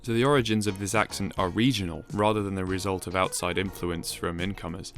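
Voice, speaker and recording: A man giving a measured, explanatory, scripted narration for a video essay. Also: low voice, fairly even intonation, faint music behind.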